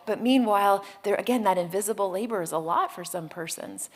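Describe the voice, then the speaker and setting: A woman in her forties giving a motivational keynote talk, conversational and animated, telling stories with quick asides and frequent "like" and "right?". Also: medium pitch. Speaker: keynote speaker.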